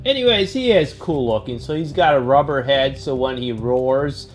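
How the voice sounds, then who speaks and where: A man's voice: mid-range voice, fairly even intonation, normal speed, soft background music. A man showing and unboxing toys in a vlog, playful and laughing at his own jokes. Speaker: toy reviewer.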